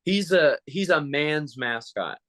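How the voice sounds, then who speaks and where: A man who performs as a mascot, telling animated, joking stories in a casual interview. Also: on the high side, takes it slowly, no echo, low-quality recording.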